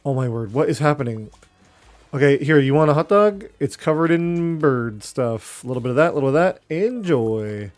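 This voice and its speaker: A man's voice: medium pitch, animated, normal speed. A young man streaming a game live, chatting casually with his viewers and reacting as he plays. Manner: chatty, reacting and talking to chat while playing.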